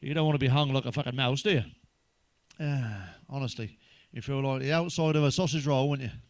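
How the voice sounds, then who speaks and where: A brisk man with a mid-range voice performs a crude stand-up monologue. The comedian swears freely and chats straight to the listener.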